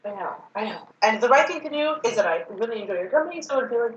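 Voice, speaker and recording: A woman's voice: on the high side, animated, fast talker, few pauses. A young woman in casual chat with her ex, nervous and rambling, often trailing off. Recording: distant roomy muffled mic with faint hiss.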